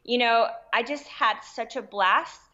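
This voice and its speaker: A woman's voice: fairly high pitch, unhurried, bright, forceful tone, highs cut off. A woman from Rico, chatting casually as a podcast guest, laughing easily. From Puerto Rico. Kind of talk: casual interview chat.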